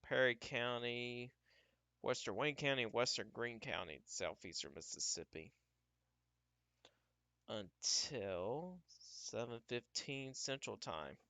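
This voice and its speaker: Male storm-tracking streamer, casual think-aloud delivery, smooth bright tone. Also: mid-range voice, expressive, slow, no room sound. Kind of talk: live weather commentary.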